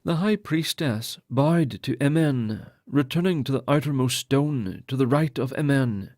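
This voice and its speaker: A man's voice: medium pitch, animated, measured pace, darkish tone, no echo, clean studio sound. Man reading a fantasy audiobook. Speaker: audiobook narrator. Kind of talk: scripted fantasy narration.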